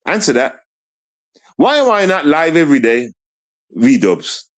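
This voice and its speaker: A man's voice: fairly high pitch, sing-song, a little slow, rough recording. A man livestreaming, ranting at his chat in a profane, confrontational way, rambling and restarting his sentences. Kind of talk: live stream rant at chat.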